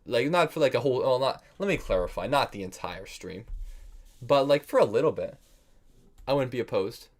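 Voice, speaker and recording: A man at an ordinary pitch for his sex streams a chess game and talks through his moves as he plays. He is quick to call his own mistakes stupid, then turns to answer his viewers' chat in easy, casual banter. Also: lively intonation. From United States. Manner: thinks aloud, self-critical, chats with viewers. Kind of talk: casual live-stream commentary while playing.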